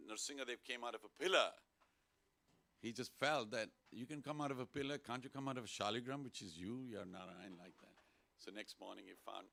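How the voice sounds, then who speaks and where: Speaking in a gravelly, mid-range voice, a temple speaker delivers a relaxed sermon to his congregation in a temple hall. He's playful and energetic, pulling the listeners into call-and-response chants.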